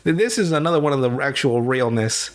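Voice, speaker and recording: A man hosting a podcast, retelling a show in a rambling, profane, animated way. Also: medium pitch, fast talker. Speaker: podcast host. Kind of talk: casual show recap.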